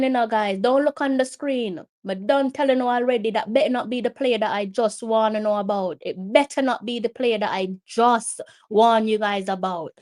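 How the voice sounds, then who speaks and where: A woman's voice: on the high side, moderate pace, a little mellow. Emotional Jamaican woman reacting to a match. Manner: emotional, pleading, mixes Patois with English. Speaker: watch-along host. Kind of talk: live match reaction commentary.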